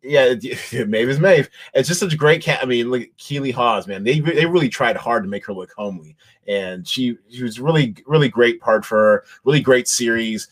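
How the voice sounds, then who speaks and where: A man talking casually with a co-host about the shows he has been watching. His sentences wander, break off and restart, with plenty of fillers along the way. His voice sits at an average pitch. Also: a little fast, hardly any pauses. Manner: rambling, many restarts and fillers. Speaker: podcast host.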